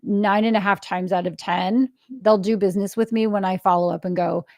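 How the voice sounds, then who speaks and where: Animated middle-aged woman podcast host. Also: mid-range voice, brisk, no room sound. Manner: animated storyteller acting out quoted dialogue; laughs often mid-story. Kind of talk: casual interview conversation.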